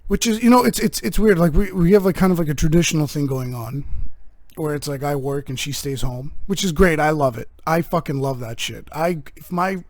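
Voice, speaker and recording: Man, young adult, podcast host, rambling, profane, deadpan, slightly high voice, dry sound. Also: brisk, no room sound. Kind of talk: rambling comedic monologue.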